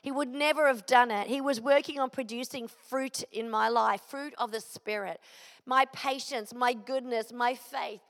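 A woman's voice: fairly high pitch, fairly even intonation, normal speed, fairly bright tone. A middle-aged woman giving an earnest sermon, sharing a personal testimony and driving her points home with repeated phrases. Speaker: preacher. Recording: long hall reverb.

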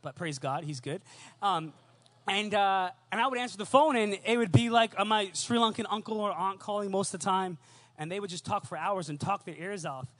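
A man's voice: high voice, a little fast, fairly bright tone. A young man preaching a sermon, telling stories and building points through emphatic repetition.

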